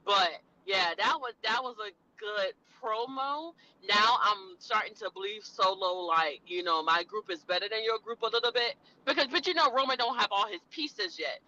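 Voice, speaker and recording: A woman's voice: mid-range voice, moderate pace, hardly any pauses, sharp tone. A woman co-hosting a podcast, talking in a loose, chatty, emphatic way. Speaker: podcast co-host. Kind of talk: casual chat. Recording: dull lo-fi audio.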